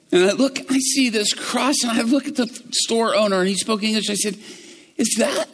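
Fervent preacher man, hushed to shouting. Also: brisk, long reverb tail. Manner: swings from hushed, low storytelling to loud, fervent preaching. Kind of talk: sermon.

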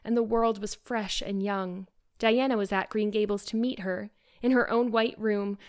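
Female audiobook narrator, measured, expressive, mid-range voice. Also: mid-range voice, clean tone. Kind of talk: scripted narration.

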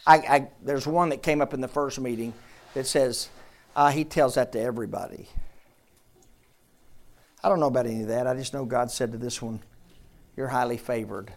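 A man's voice: mid-range voice, steady tone, fairly quick, long pauses. A man pastor giving a conversational sermon in church, repeating his questions and drawing answers from the congregation. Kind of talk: interactive sermon.

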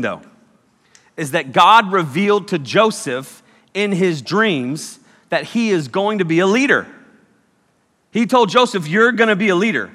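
A youth pastor preaches with a lively, joking storytelling style. His voice sits fairly high and bright, and it rings through a hall with a long reverb. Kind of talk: sermon. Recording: echoey hall.

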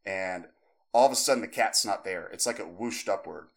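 A man's voice: deep voice, a little fast, vocal fry. A man in his thirties, a podcast co-host telling a long story, rambling with many fillers and restarts, and acting out the voices in it. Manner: animated, acts out voices in the story.

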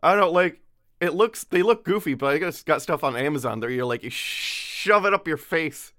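Still half-asleep, this young podcast co-host rambles through casual chat, interrupting himself and laughing readily. He speaks at a moderate pace with a fairly high, lively, pushed and bright voice, and the studio recording is clean with no echo.

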